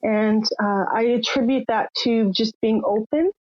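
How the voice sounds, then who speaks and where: A slightly slow older Canadian woman with a high, fairly even voice shares her personal story on a podcast. Candid and emotional, she acts out the voices of others. The recording is muffled lo-fi with a dry, echo-free sound.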